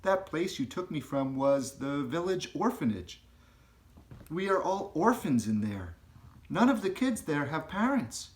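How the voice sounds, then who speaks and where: A man reading a calm little orphan girl. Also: fairly high pitch, unhurried, pitched above the performer's own voice. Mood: matter-of-fact. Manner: plain, matter-of-fact. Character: young orphan girl, calm and plain-spoken.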